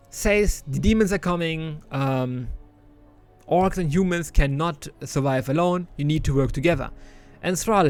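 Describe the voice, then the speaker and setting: Man recapping a game story haltingly. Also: fairly high pitch. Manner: halting, many restarts and fillers; loosely paraphrases characters' lines. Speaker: gaming video host.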